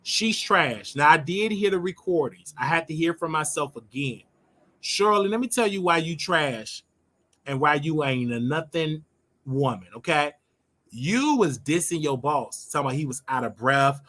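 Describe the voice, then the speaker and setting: A man's voice: fairly high pitch, lively intonation, normal speed, a bit bright. An older man hosting his own show, giving a brash, scolding commentary monologue and drawing out words for emphasis. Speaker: show host.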